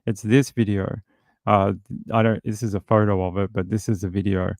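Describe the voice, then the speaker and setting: A man's voice: fairly low pitch, flat delivery, moderate pace, a little mellow, no echo, clean studio sound. A man hosting a true crime show, commenting casually and wryly on news clips and mimicking the people in them. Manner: rambling, wry, mimics people in silly voices.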